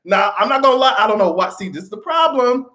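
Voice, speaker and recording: A man's voice: sits high, expressive, quick pace, pushed and bright. A man hosting a pop-culture commentary livestream, ranting with heavy profanity and frequent laughter. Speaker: livestream host.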